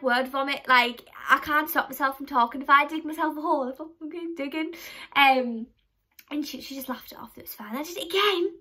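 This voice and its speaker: A young woman chats straight to her camera at home, her voice pitched high and bright. She rambles from story to story and pokes fun at herself as she goes. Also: a little fast. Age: young adult. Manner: chatty, rambling, self-mocking storyteller. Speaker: vlogger. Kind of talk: casual chat to camera.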